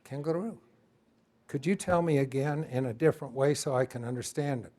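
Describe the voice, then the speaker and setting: A man teaching a class, lecturing in a lively way and asking his students for input. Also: mid-range voice, fast. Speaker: instructor.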